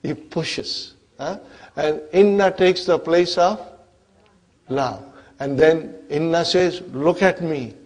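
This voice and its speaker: A man teaching an Arabic grammar class, speaking slowly and deliberately and often checking that his listeners follow. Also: a little high, a little mellow. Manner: slow, deliberate, constantly checks on listeners with questions.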